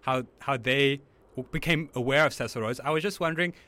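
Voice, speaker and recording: A man's voice: medium pitch, fairly quick, bright, forceful tone. A man from South Africa asking interview questions politely and with some hesitation.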